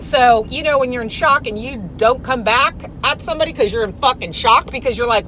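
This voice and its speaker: A woman rants with a lively, swooping voice that sits a little high for a woman. She swears constantly and jumps into loud retorts as she tells her story. Faint car and street noise hums behind her. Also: normal speed, rough recording. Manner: profane, animated storytelling with shouted outbursts. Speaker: vlogger. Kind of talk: casual rant.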